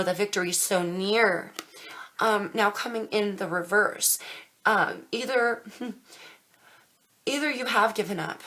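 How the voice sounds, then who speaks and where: A young woman doing a casual tarot reading to camera, emphatic and quick to swear as she talks straight to her viewers. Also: medium pitch, fairly bright tone. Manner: emphatic, swears freely, speaks directly to viewers. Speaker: tarot reader.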